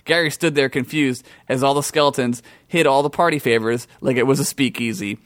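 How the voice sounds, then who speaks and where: A man's voice: medium pitch, fairly even intonation, fairly quick, no room sound, clean studio sound. A man narrating a comedic improvised tabletop story as game master, laughing often as he goes. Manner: laughs often while narrating, crude jokes.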